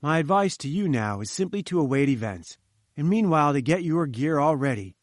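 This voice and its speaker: A man voicing an eager, cheerful young male journalist who talks briskly, in an audiobook reading. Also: on the high side, animated, no echo, studio quality. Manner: brisk and enthusiastic.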